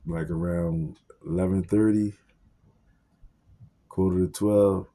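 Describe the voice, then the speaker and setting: A man's voice: low-pitched, fairly even intonation, slow pace, warm tone. A young man telling a personal story in casual street slang, with heavy profanity and fillers, acting out what each person said.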